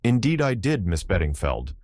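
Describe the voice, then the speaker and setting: A man's voice: fairly low pitch, very animated, moderate pace, darkish tone, dry recording. A man voicing a nervous, evasive male secretary who stammers and hesitates over his words. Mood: flustered. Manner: flustered, stammering with hesitant ers. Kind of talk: audiobook character reading.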